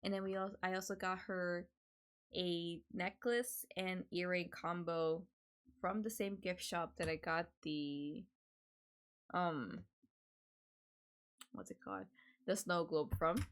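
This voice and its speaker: A woman's voice: lowish voice, takes it slowly, pauses often. A young woman streamer chatting casually at home, swearing a lot and laughing often. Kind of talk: casual chat.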